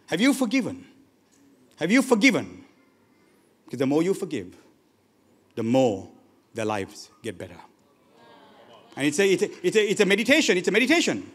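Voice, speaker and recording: Pastor, male, high voice, animated sermon delivery with loud and hushed turns, long church reverb. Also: fast talker, long pauses, husky. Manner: animated preaching, swings from loud exhortation to quiet asides. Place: church hall.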